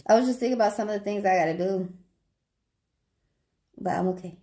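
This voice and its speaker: A woman with a Southern accent and a brisk, dark-toned, mid-range voice works as a tarot reader, chatting casually with viewers on a livestream. She talks freely, swearing and laughing often.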